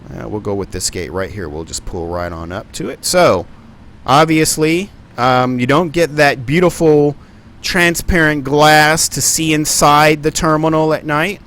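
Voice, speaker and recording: A man's voice: fairly high pitch, a little slow, a bit bright. A man giving live stream commentary on a flight simulator, rambling and thinking aloud with plenty of ums and uhs.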